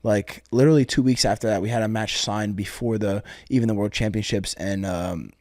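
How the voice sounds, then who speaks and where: A young man talking as a podcast guest, relaxed and unhurried. He stops and restarts often, filling the gaps with um and uh. His voice is recorded close and dry. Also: fairly low pitch, no echo. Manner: relaxed, halting, many fillers like um and uh. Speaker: podcast guest, grappling athlete. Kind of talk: casual interview.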